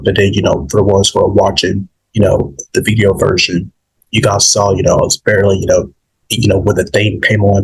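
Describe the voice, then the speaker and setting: A man hosting his own podcast, rambling and halting with many fillers and restarts, emotional and holding back tears. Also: lowish voice, breathy edge, rough recording. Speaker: podcast host. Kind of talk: emotional solo podcast monologue.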